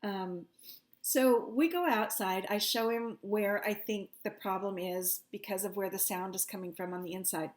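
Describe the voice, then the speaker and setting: A woman psychic medium chatting casually to her viewers, animated and often laughing, her pitch jumping up when she gets indignant.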